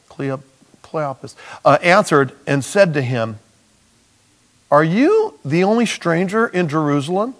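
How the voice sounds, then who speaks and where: A man preaching a sermon, animated and jokey, acting out bits of dialogue as he goes. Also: mid-range voice. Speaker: pastor.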